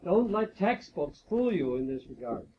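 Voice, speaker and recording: A man giving a measured, explanatory lecture-style talk at a faculty retreat, posing rhetorical questions as he goes. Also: a little high, very animated, a little hiss or hum. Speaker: guest speaker at a faculty retreat devotion. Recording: dull lo-fi 1980s tape recording.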